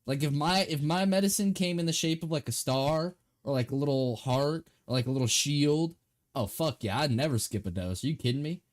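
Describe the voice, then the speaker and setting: A man's voice: a little high, brisk. A man streaming and reacting to a video, talking in a goofy, stammering way and repeating words for laughs. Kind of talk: casual live-stream chat.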